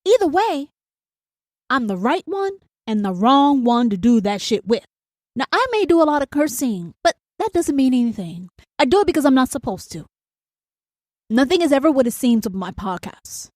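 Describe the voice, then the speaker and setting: A woman's voice: sits high, very animated, normal speed, a little mellow, dry recording, clean studio sound. A woman hosting a solo podcast, talking bluntly and profanely and hammering her points home with "do you understand?". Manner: acts out an inner angel and demon in quoted voices. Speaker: podcast host.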